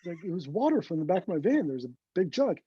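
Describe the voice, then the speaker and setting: A man, a guest photographer, telling an animated story in an interview and acting out what his friends said. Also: sits high, quick pace, husky. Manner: animated anecdote teller, acts out quoted friends. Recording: dull lo-fi recording.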